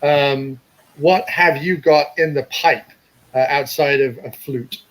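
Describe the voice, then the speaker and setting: A man's voice: a little high, fairly even intonation, slow, a bit bright, poor audio. A man hosting a casual video call chat, teasing his guests and laughing often. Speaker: podcast host.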